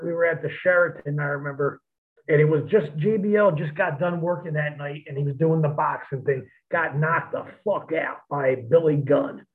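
A former pro wrestler rambles through his old stories, blunt and full of cursing. His voice sits a bit high for a man and comes through a tinny, phone-like line. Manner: profane, blunt, rambling anecdotes. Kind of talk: casual storytelling.

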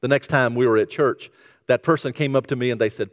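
A man preaching a sermon as pastor, telling stories and dropping to a hushed voice when he quotes. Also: mid-range voice, a little fast. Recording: reverberant hall.

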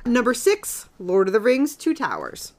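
A woman's voice: on the high side, huge pitch swings, a little slow, darkish tone. A woman co-hosting a podcast, chatting casually and reading out a list with enthusiasm. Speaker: podcast co-host. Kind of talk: casual chat.

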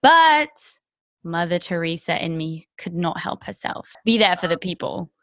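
A woman's voice: lowish voice, big pitch swings, moderate pace. A young woman co-hosting a podcast over a video call, sarcastic and swearing a lot in casual chat. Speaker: podcast co-host.

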